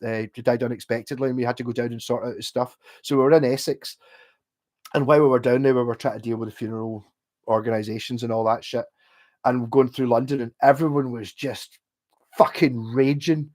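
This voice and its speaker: A man's voice: mid-range voice, fairly even intonation, a little fast, a little mellow. A Scottish man in his forties chatting casually on a livestream, rambling and swearing as he tells stories and trails off mid-sentence. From Scotland. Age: 40s. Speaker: livestream host. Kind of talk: casual chat.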